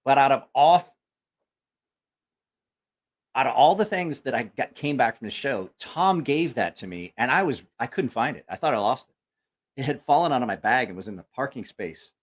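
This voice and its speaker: A man's voice: mid-range voice, animated, moderate pace. Profane rambling male livestream host. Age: adult with school-age child. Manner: rambling, profane, storytelling with quoted voices. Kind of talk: casual livestream chat.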